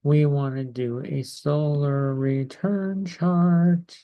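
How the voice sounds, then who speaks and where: A man working as an astrologer, talking slowly and hesitantly with many pauses and fillers as he shares charts on a live stream. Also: a little high, fairly even intonation, dull audio. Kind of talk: slow casual live-stream talk. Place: home in California.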